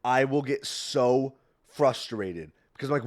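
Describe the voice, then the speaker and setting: A man's voice: mid-range voice, a little slow. Young man ranting on a podcast. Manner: profane, rambling, ranting, swings from mumbling to loud outbursts. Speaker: podcast host. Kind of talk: casual solo podcast rant.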